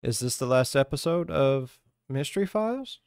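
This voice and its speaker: A man's voice: medium pitch, lively intonation, moderate pace, darkish tone, smooth, no room sound, clean studio sound. A man hosting a reaction channel, talking offhandedly to his viewers. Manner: offhand and conversational. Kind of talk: casual commentary to viewers.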